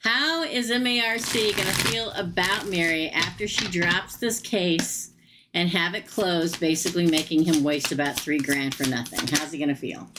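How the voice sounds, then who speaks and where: A woman reading tarot on a live stream, chatty and animated, laughing often. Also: lowish voice, normal speed, noisy background. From United States. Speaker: tarot reader.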